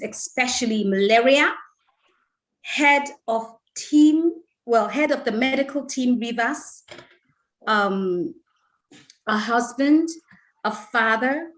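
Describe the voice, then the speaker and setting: A woman hosting an interview, chatty and openly emotional, laughing often. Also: fairly high pitch. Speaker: host. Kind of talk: casual interview. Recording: echoey room.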